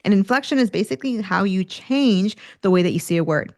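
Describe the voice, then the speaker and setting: A woman hosting a career podcast, coaching listeners in an energetic teaching manner and acting out examples of tone as she goes. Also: mid-range voice, brisk, no room sound, studio quality. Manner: energetic, demonstrates tone shifts, occasional laughs.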